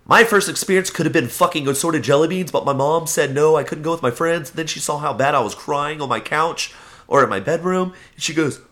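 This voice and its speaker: A man's voice: on the high side, brisk, a bit bright. A young man in casual chat, telling stories with lots of swearing and acting out the voices of people in them.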